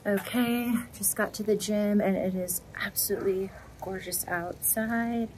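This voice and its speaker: A woman's voice: medium pitch, fairly even intonation, measured pace. A woman vlogging for her fitness channel in a casual, upbeat, chatty way, talking straight to her viewers on a phone camera. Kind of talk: casual vlog talk. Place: kitchen, then a gym. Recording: echoey room with background noise.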